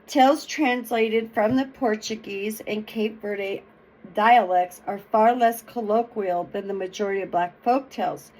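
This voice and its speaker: Slow, expressive woman storyteller. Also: mid-range voice, rough recording. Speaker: storyteller and channel host. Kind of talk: reading folk tales aloud.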